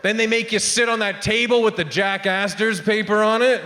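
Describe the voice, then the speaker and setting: High-voiced man doing stand-up in a theatre. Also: steady tone, normal speed, sharp tone, slight background noise. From Canada. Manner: rambling, with trailing asides to the crowd. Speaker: stand-up comedian. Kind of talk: stand-up comedy set. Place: theatre stage. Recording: long hall reverb of a theatre.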